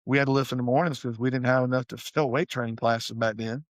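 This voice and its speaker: A man's voice: mid-range voice, quick pace, no echo. Folksy man, dry close sound. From Savannah, Georgia, US. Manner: folksy, animated storytelling. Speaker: high school head football coach, guest. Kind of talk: casual storytelling interview.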